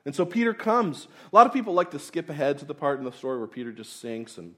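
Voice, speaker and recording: Man preaching with hushed intensity. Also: on the high side, quick pace. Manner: conversational, swings between loud emphasis and hushed intensity. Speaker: pastor. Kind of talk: sermon.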